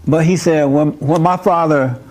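A man's voice: a little high, fairly even intonation, normal speed, a little mellow. Blunt, emphatic male preacher. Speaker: preacher and call-in show host. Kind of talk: sermon. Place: room with a live audience.

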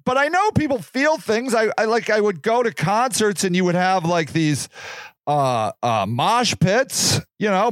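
A man in his forties talks on his own in a rambling, animated way, firing off rhetorical questions. His voice is fairly high for a man and swings widely in pitch. The sound is close and dry, with no room echo. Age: 40s. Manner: animated, exclamatory, full of restarts and rhetorical questions. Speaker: podcast host. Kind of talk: rambling solo monologue.

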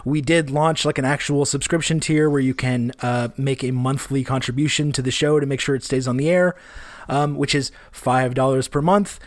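A man with a Canadian accent co-hosting a podcast, talking in a relaxed, rambling way with fillers and restarts. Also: medium pitch, normal speed, no room sound. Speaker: podcast co-host. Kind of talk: casual podcast chat.

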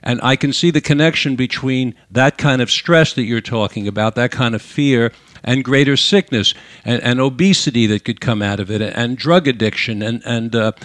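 A man's voice: medium pitch, normal speed, a bit bright, no room sound. A man interviewing a guest, asking long earnest questions that pile up clauses and restart often. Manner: earnest, piling up clauses with repeated stammered starts.

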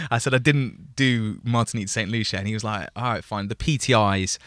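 Young man, guest on a chat show, bright voice, rambling and self-deprecating, dry close sound. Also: on the low side, fairly quick, dry recording. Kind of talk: casual storytelling interview.

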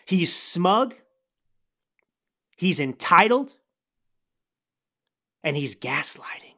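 A man hosts a political commentary podcast in a heated, ranting delivery. His pitch swings widely as he talks. His tone stays indignant and fired up. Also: big pitch swings, extremely slow, sharp tone. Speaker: podcast host.

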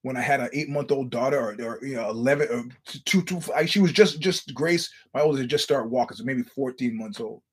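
A middle-aged man hosting a casual chat, telling stories in an animated, profane way and acting out what people said. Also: mid-range voice, a little fast, hardly any pauses, husky. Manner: animated storyteller, swears, acts out quotes. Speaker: podcast host. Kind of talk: casual fight-talk chat.

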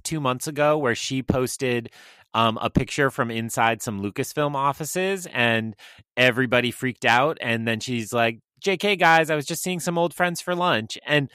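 A man talks eagerly and chattily as a podcast co-host. His voice is bright and forceful, recorded dry and close with no room sound. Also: mid-range voice, dry recording. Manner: enthusiastic, chatty. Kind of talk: casual chat.

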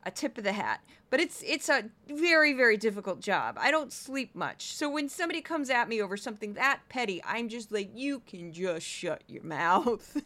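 A woman's voice: a little high, sing-song, brisk, few pauses, pushed and bright. A woman from St. Louis hosting a podcast, ranting with exasperation about petty critics and reading news items. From St. Louis, USA. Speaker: podcast host. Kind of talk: casual commentary.

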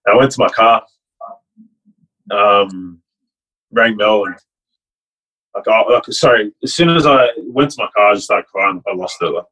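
Husky-voiced man telling a story. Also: on the low side, a little slow, pauses often, pushed and bright, rough recording. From Fiji. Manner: rambling and heartfelt, many restarts and "like". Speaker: guest, rugby league player and coach. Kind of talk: casual storytelling chat.

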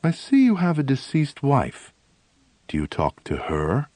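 A man reading the lines of a smiling male army psychiatrist who asks questions in a cheerful, then low and serious tone. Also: wildly swooping pitch, a little slow, a little mellow, dry recording. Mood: probing.

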